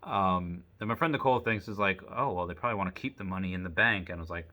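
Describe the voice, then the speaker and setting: A young man vents to camera about a long run-in with his bank. His voice sits a little low but cuts through bright and forceful. He jumps between his own lines and the other side's, swearing when annoyed. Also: fast talker. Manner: animated storytelling, acts out both sides of the conversation, swears. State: frustrated. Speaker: vlogger. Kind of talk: casual rant to camera.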